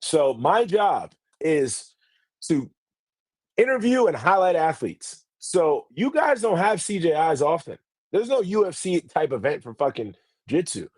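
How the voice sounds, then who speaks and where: A man telling a story in casual podcast talk, animated and swearing freely, acting out what people said. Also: fairly high pitch, measured pace, breathy edge, no room sound. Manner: animated, swears a lot, acts out quotes. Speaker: interviewer for a grappling promotion.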